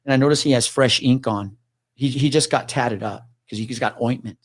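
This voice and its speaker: A man's voice: medium pitch, normal speed, no echo, clean studio sound. A man telling a story in casual chat, swearing freely and acting out the people in it. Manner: swears freely, acts out quoted voices.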